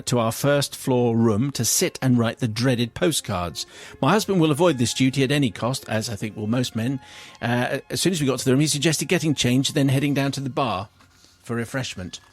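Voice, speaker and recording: A man hosts a radio show and reads a listener's letter aloud, telling it with comic timing. His voice sits mid pitch, with faint music playing underneath. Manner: comic storytelling, swings into high squeals for the letter writer's cries. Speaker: radio host. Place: radio studio.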